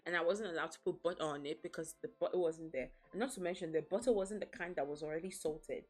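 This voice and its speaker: A woman's voice: on the low side, fast, darkish tone, husky, faint music behind. A woman streaming as a VTuber, chatting casually in a blunt, profane, playfully dramatic way and laughing often. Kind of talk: casual livestream chat.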